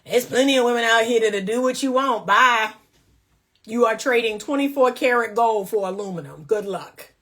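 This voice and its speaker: Woman coach preaching at her viewers, kinda high voice, blunt and emphatic. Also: normal speed, a bit bright. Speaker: relationship coach. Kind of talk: casual faith-based commentary.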